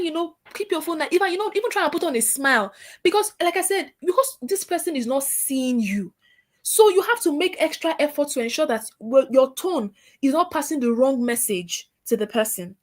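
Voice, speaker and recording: A woman giving a workshop lecture to trainees in a lively, scolding way. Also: sits high. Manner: lively, scolding, acts out caller voices.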